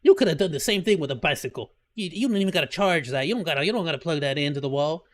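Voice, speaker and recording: A man live-streaming, reacting to clips with excitable jokes and frequent laughter. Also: on the high side, very fast. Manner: excitable, joking, laughs often.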